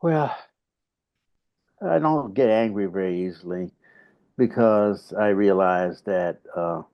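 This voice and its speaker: A fairly low-pitched man talks over a muffled, lo-fi video call connection. He reflects in a loose, halting way, full of fillers, and sometimes hums short grunts to show what he means. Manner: rambling, halting, many fillers and "you know"; hums little grunts to illustrate. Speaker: saxophonist and bandleader, interview guest. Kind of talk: casual reflective storytelling. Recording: dull lo-fi video call audio.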